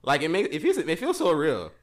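A man's voice: fairly high pitch, huge pitch swings, brisk, voice pushed up. A man in casual podcast chat, putting on an African accent to tease his co-host, boastful and playful. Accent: put-on African.

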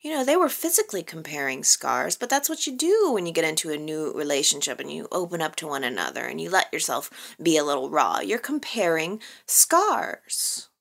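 A woman's voice: sits low, very animated, normal speed, vocal fry, hardly any pauses, fairly bright tone. A woman hosting a soap opera recap, chatting casually and playfully, often laughing at her own jokes. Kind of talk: casual chat.

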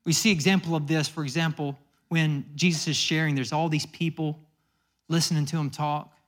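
A man's voice: a little high, steady tone, normal speed, fairly bright tone. A man preaching a sermon, telling stories in a loose, conversational way and acting out the people in them. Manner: conversational storytelling with acted quotes. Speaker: pastor.

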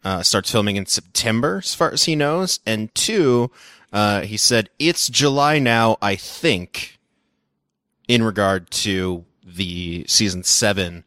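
Low-voiced man co-hosting a podcast. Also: a bit bright, no room sound, clean studio sound. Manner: quick, joking news rundown. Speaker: podcast co-host. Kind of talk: casual podcast chat.

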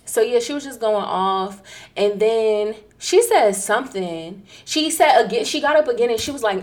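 A woman's voice: fairly high pitch, animated, normal speed. A young adult woman in casual chat, telling a story with slang and swearing, often laughing as she talks.

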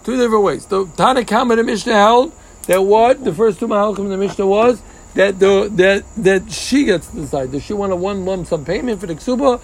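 A man with a high, gravelly voice leads a relaxed Talmud class. He explains each step patiently, drops Hebrew and Aramaic terms into his English and jokes with the students. The recording picks up the group around him. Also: fairly quick. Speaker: Talmud teacher. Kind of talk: casual Gemara class.

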